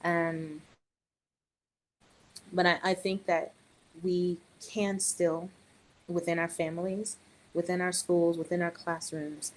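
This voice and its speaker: A middle-aged woman and early childhood educator, chatting on a podcast in an animated way with joking asides. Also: fairly low pitch, slow pace, long pauses, rough recording. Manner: animated, joking asides, quotes others in raised voice. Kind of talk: casual podcast conversation.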